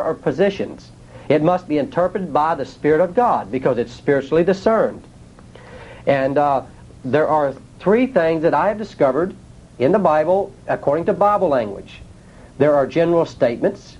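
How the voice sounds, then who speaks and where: Man preaching, folksy, lo-fi. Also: a little high. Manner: plain conversational teaching with rhetorical questions; nonstandard grammar, folksy speech. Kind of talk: sermon teaching.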